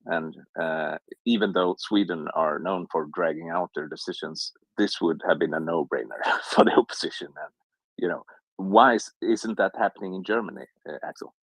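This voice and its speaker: A man asking the panel questions in a hesitant, halting way during an online discussion. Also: sits low, gravelly, no echo, poor audio. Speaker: audience member asking questions.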